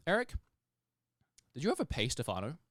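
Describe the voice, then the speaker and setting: This podcast co-host has a slightly high, fairly bright voice with huge pitch swings and a moderate pace. He tells stories animatedly in casual chat, laughing often. The studio sound is clean, with no echo.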